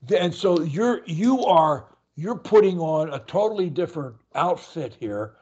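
A man's voice: fairly high pitch, lively intonation, measured pace, a little mellow, husky, lo-fi sound. An older man who stutters, coaching a client one-on-one and demonstrating techniques by stretching and repeating words over a video call. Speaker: speech coach.

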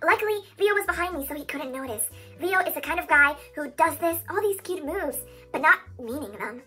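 A woman's voice: high voice, lively intonation, a little fast, sharp tone, faint music behind. A young woman reading her old fanfiction aloud and breaking off for self-mocking, laughing asides. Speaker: video creator.

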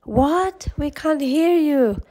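A woman doing a big, excitable bear. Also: on the high side, unhurried. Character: easygoing big male bear. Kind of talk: storybook read-aloud.

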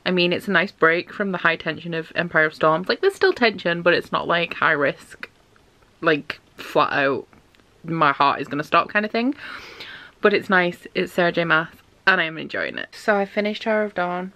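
A woman's voice: fairly low pitch, normal speed, pushed and bright. A young woman chatting casually in a book diary, gushing about what she reads and saying "like" a lot. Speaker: book vlogger.

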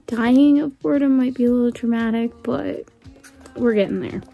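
Woman book vlogger, candid and chatty, laughs a lot, mellow tone, faint music underneath. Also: on the high side, moderate pace, vocal fry. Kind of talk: casual chat to camera.

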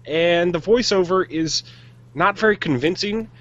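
A man's voice: sits high, measured pace, a bit bright, lo-fi sound. A man co-hosting a podcast, chatting casually and giving blunt, jokey opinions on movies. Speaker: podcast co-host. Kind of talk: casual chat.

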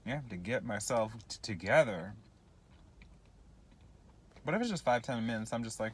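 A man's voice: fairly low pitch, animated, moderate pace, pauses often, a little hiss or hum. A young man chatting casually to his phone camera in a vlog, rambling and self-deprecating, apologizing often between tangents. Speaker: vlogger.

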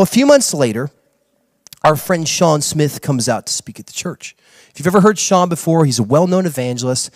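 A man preaching a sermon as a pastor, telling a story with acted-out dialogue and building to excited preaching. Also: fairly high pitch, no room sound. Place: church.

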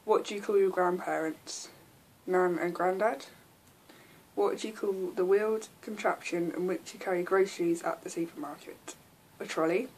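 A woman in her early twenties with an English accent talks casually to camera. Her voice sits a little low, and she fills her sentences with ums and little giggles. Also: steady tone, moderate pace, a little mellow, slight background noise. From England. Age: 20s. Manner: chatty, giggly, lots of ums. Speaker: vlogger.

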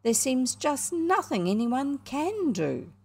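A woman's voice: medium pitch, takes it slowly, a little mellow. A woman with a New Zealand accent voicing a sulky, aggrieved schoolboy in a storybook reading. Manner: whiny and aggrieved. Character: sulky scheming schoolboy William.

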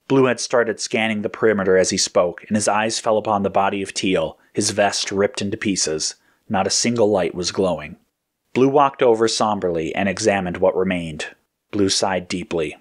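A man reading a scripted action story aloud in a steady, descriptive manner. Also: fairly low pitch, moderate pace. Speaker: narrator.

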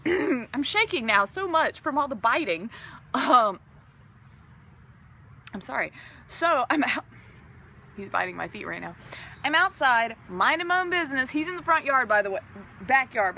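A woman's voice: high-pitched, pushed and bright, a little hiss or hum. A young woman vlogging outdoors in her backyard on a handheld phone, laughing and scolding a pet chicken between stories. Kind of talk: casual vlog chat.

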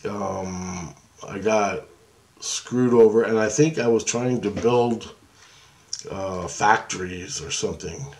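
Lowish-voiced man rambling through a story. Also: slow pace. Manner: rambling, profane, with many restarts. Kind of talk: casual dream storytelling.

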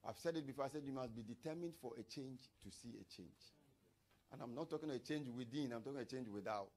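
A man's voice: medium pitch, fast, background noise. A man preaching a sermon in church as pastor, reading scripture aloud and breaking into tongues.

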